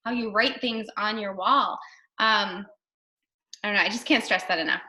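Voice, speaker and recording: A woman's voice: mid-range voice, normal speed, pushed and bright. A woman leading a casual team video call as a fitness coach, chatty and upbeat, full of fillers and acted-out quotes.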